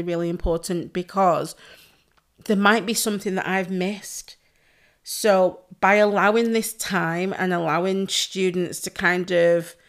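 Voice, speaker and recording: A woman, a pole dance instructor, talking on a podcast in a heartfelt, effusive way and swearing freely. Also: lowish voice. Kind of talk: casual podcast chat.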